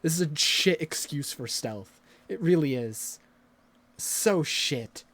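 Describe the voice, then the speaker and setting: Lively, bright-voiced, cursing game streamer. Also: medium pitch, takes it slowly. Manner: profane, joking with chat; frustrated ranting at the game. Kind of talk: live gameplay commentary.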